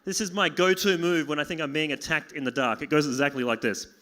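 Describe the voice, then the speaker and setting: A man's voice: fairly high pitch, fast talker, bright, forceful tone. A young man performing a self-deprecating stand-up set in a pub, acting out conversations with sudden yelps and pleading. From Australia. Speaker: stand-up comedian. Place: small pub venue with live audience.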